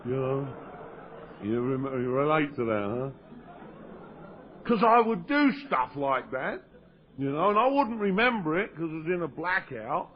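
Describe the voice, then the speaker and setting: Just a dude telling his story, jumps into loud voices for the dialogue, dull old tape sound. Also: a little high, sing-song, a little slow, long pauses, slight background noise. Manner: storytelling, acts out quoted dialogue in raised voices. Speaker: recovery meeting speaker. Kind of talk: personal recovery story told to an audience. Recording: dull lo-fi 1992 tape of a live talk.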